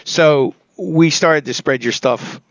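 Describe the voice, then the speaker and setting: A male host chatting eagerly with a guest, promoting his show with halting restarts. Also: fairly high pitch, a bit bright, no room sound, dull audio. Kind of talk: casual interview chat.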